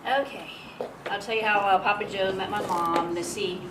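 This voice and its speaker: A woman's voice: medium pitch, fairly even intonation, normal speed. A woman speaking at a memorial, telling stories in a chatty way and laughing often. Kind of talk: personal eulogy story. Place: memorial gathering hall. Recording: echoey room, distant mic, noisy.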